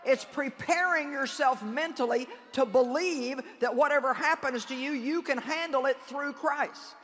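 A woman's voice: high voice, a little slow, a little hiss or hum. A woman preaching a sermon to a conference crowd, addressing listeners directly and emphatically with laughing asides. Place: large conference hall. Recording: long reverb in a large hall.

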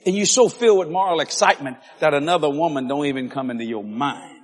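A male preacher delivering a lively sermon, shouting and laughing, stretching out key words. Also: fairly high pitch. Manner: animated, shouting, laughing, drawn-out emphasis.

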